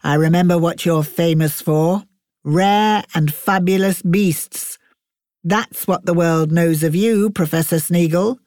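A woman voicing a cheerful, easily distracted eccentric gentleman professor who talks with breezy enthusiasm. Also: on the high side, takes it slowly, no room sound, studio quality. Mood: enthusiastic.

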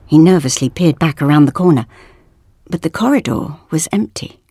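A woman narrating an audiobook story in an expressive way. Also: low-pitched, normal speed. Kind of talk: scripted narration.

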